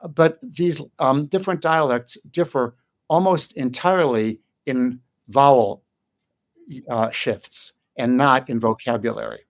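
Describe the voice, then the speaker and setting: An older man from Chicago speaks as a guest in an interview, his voice sitting at an ordinary middle pitch. He explains things thoughtfully, with frequent ums and short pauses as he searches for words. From Chicago, United States. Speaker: guest Yiddish scholar. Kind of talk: conversational interview.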